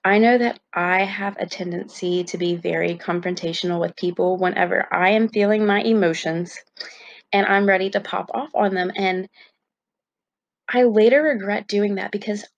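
A woman's voice: mid-range voice, steady tone, moderate pace, no echo, dull audio. A young woman vlogging to her viewers in a candid, chatty way with lots of fillers. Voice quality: gravelly fry. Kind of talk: casual talk to camera.

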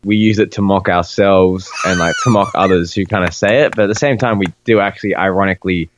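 Deep-voiced Australian man, casual. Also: steady tone, fast, background noise. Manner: easygoing, hesitant with many ums. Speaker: guest. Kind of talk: casual interview chat.

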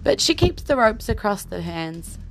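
A woman with a New Zealand accent who hosts a podcast and narrates an improvised tabletop game as the game master. She tells the story in a relaxed way. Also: mid-range voice, moderate pace, soft background music.

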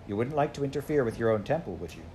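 A man reading aloud, voicing a worried, sensible young girl who tries to sound calm in a storybook. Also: medium pitch, racing, a little hiss or hum, natural voice. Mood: pleading. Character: anxious, sensible young girl, the eldest sister.

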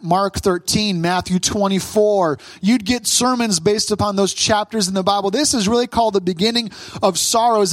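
A man's voice: sits high, no room sound. A man in his thirties preaching a sermon, conversational and humorous as he tells a family story. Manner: conversational, humorous storytelling with animated quoted voices. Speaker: pastor.

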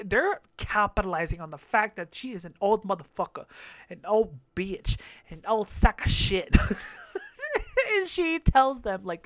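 A man's voice: high voice, a bit bright, no room sound. A man hosting a podcast, recapping a reality show in a brash, profane, gossipy way with frequent laughter. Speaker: podcast host.

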